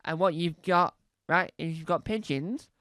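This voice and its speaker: A man's voice: on the high side, unhurried, bright, forceful tone, no echo. A man doing rambling, playful stand-up comedy, repeating words for laughs.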